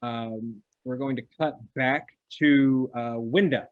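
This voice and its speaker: Relaxed male game master, full of pauses. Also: medium pitch, phone-quality sound. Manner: relaxed, many filler pauses. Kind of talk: narrating a tabletop game.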